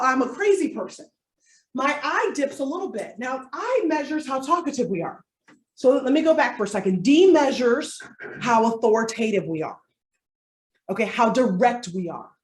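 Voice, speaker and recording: A woman coach presents to a live room, animated and playful. Her voice sits a little high. She is caught from a distance in an echoey space. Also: moderate pace. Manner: animated and playful, with comic asides. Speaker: workshop coach.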